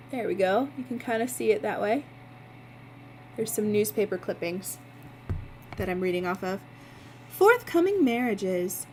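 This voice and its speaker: Brief: casual woman livestream reader, mid pitch, chatty asides, faint hum in the background. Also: low-quality recording. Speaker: livestream host reading a novel aloud. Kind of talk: casual book reading.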